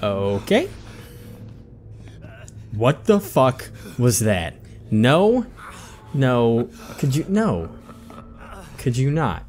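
A man's voice: medium pitch, very animated, extremely slow, pauses often, a little mellow, slight background noise. A man giving jumpy horror game commentary, talking to himself and swearing when startled. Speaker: let's play commentator.

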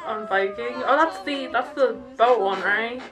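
A young woman hosting a reaction video, chatting excitably, laughing often and using slang. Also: on the high side, a little slow, music in the background, rough recording. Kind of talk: casual reaction commentary.

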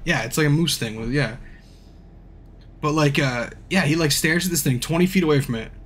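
A young man streaming a game, rambling, swearing and telling stories in animated bursts. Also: fairly high pitch, a little fast, slight background noise. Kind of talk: live-stream gameplay commentary.

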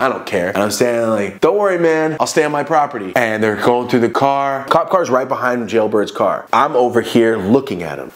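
A young man telling a personal story in casual slang and acting out the people in it. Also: medium pitch. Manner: animated, slangy, acts out every voice.

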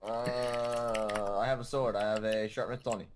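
A man's voice: fairly low pitch, level tone, a little slow. A young man joining a gaming session, chatting casually and joking around. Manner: laid-back, joking. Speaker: co-player.

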